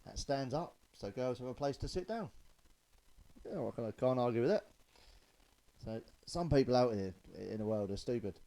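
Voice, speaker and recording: A man's voice: medium pitch, lively intonation, moderate pace, long pauses, warm tone, rough recording. A man telling stand-up jokes, loose and chatty, chuckling at his own punchlines. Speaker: stand-up comedian.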